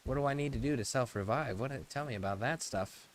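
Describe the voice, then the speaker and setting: An American man streams a video game, reading menus aloud and chatting loosely with casual swearing. His medium-pitched voice moves briskly over a slight hiss or hum.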